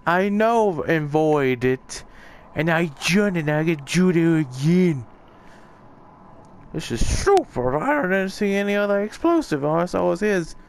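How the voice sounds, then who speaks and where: A man's voice: fairly high pitch, lively intonation, measured pace, gravelly, slight background noise. Chatty male gamer talking through play. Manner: chatty, talks to himself while playing. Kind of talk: casual gameplay commentary.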